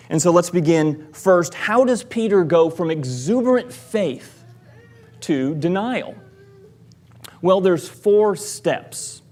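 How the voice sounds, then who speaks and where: A man, a church elder, preaching a sermon in a measured, deliberate way, giving quoted lines with emphasis. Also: on the high side, warm tone. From American South.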